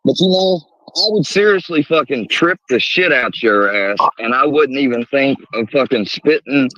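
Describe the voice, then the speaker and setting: A man's voice: mid-range voice, animated, moderate pace, a bit bright, no echo. A man hosting a live stream, arguing angrily and confronting the other speaker with heavy profanity. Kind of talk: heated live stream argument. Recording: muffled lo-fi mic.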